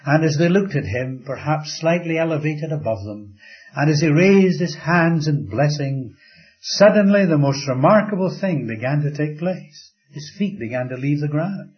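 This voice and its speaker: An older man preaching a sermon, telling stories slowly and dramatically, dropping to a soft hush at times. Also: fairly high pitch, expressive. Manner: slow, dramatic storytelling with soft drops to a hush. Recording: slightly dull lo-fi recording.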